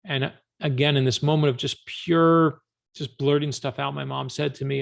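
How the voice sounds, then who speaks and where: A man who is an author, a guest on an interview podcast, telling stories in an animated, emphatic way. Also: mid-range voice, moderate pace, gravelly. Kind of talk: storytelling interview answers.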